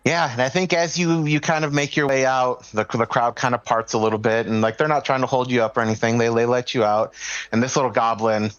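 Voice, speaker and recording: A man's voice: mid-range voice, fairly even intonation, a little fast, fairly bright tone, smooth, highs cut off. A man narrating a tabletop game as game master, loose and casual with lots of fillers.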